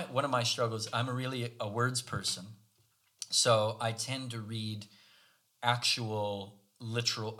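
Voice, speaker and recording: A man's voice: lowish voice, bright, forceful tone. A man co-hosting a conversation, telling a story about himself in a casual, self-deprecating, wry way. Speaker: podcast co-host.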